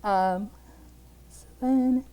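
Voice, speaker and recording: A woman's voice: mid-range voice, very slow, warm tone. A woman nature educator giving a casual, chatty talk with frequent laughs. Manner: chatty, laughs often, many fillers.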